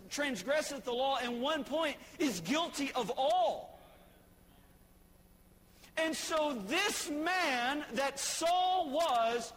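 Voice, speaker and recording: High-voiced preacher shouting in a hall. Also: male voice. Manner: animated, swinging from shouting to quiet asides. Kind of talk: sermon. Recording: long hall reverb, faint noise.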